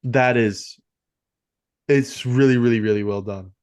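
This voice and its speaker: A man's voice: mid-range voice, unhurried, a little mellow, clean tone. A man co-hosting a film podcast, talking casually and rambling with many fillers and restarts. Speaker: podcast co-host.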